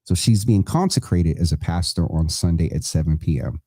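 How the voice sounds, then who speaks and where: A man's voice: low voice, lively intonation, normal speed, warm tone, breathy edge, dry recording, studio quality. A man hosting a live online show, making casual announcements to viewers in a chatty, rambling way, correcting himself as he goes.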